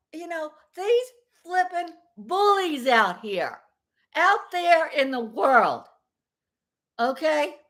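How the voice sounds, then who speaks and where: A woman with a high voice rants straight into her home vlog camera. Her pitch leaps up and down, and she lets some words drag out slowly. She is blunt and rambling, with mild swearing. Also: a bit bright. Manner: rambling and repetitive. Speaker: vlogger. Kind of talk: casual vlog rant.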